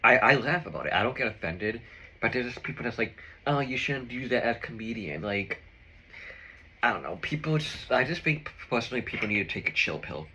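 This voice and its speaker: A man's voice: medium pitch, animated, a little fast, sharp tone, slight background noise, poor audio. A man vlogging in casual chat with his viewers, rambling and opinionated with lots of fillers while he eats a meal.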